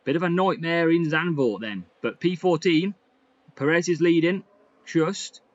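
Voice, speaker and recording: A man giving lively, excitable commentary over a racing game he is playing. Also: a little high, a little slow, lo-fi sound. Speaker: gaming YouTuber. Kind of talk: gameplay commentary.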